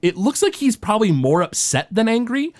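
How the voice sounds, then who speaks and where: A man's voice: sits high, big pitch swings. A man running a tabletop game as game master, narrating casually with frequent halts. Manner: casual, halting, with many restarts.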